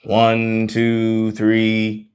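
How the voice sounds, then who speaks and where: A man teaching a singing lesson as a vocal coach, out of breath and talking with energetic, repeated emphasis. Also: lowish voice, extremely slow, clean tone. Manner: energetic, repetitive emphasis, laughs between points.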